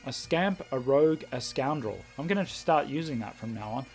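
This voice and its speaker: A man vlogging about language, reading word definitions aloud and reacting to them with excited amazement. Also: medium pitch, normal speed, soft background music.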